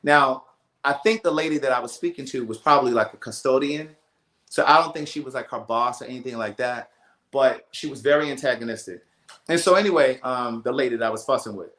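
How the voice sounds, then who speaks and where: A man's voice: mid-range voice, a little fast. Fields: emphatic man telling a story in an echoey room. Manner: animated, emphatic storytelling with frequent repetitions. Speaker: livestream host. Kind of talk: casual storytime on a livestream. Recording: roomy echo.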